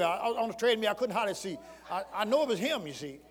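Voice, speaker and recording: A man preaching a sermon, telling folksy stories that swing from murmured asides to shouted exhortation. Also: high voice, animated, fast talker, big-room sound. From rural Southern United States. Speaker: pastor.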